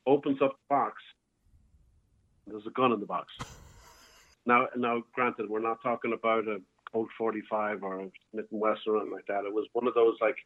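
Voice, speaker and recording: A man's voice: fairly low pitch, fairly even intonation, normal speed. A man, a bar owner, telling a long rambling story as a guest, with many restarts and fillers. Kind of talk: casual storytelling. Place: home, calling in by phone. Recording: tinny phone line.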